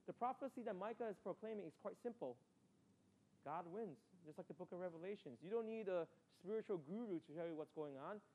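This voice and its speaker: A man preaching a sermon in a conversational way, often checking in with the listeners by asking "right?". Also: rough recording. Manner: acts out his mother in a high excited voice. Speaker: pastor.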